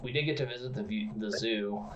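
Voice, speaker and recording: A man co-hosting a comedy podcast, telling absurd stories in a rambling, deadpan way. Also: on the low side, fairly quick, distant mic, highs cut off, slight background noise. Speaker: podcast co-host.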